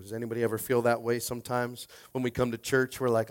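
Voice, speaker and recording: A man's voice: flat delivery, fast, hardly any pauses. A man pastor preaching a casual, conversational sermon, repeating his words and coaxing the congregation to respond. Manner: acts out quoted voices with shifts in pitch and loudness.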